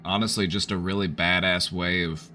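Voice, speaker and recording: A man's voice: low-pitched, steady tone, normal speed, bright, forceful tone, soft background music. A man chatting casually on a live stream, rambling with lots of fillers. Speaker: streamer offering support.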